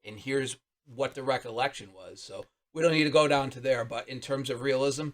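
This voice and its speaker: A man's voice: mid-range voice, normal speed. A young man co-hosting a casual movie podcast, chatting and sharing trivia about films. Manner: chatty, shares film trivia. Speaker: podcast co-host.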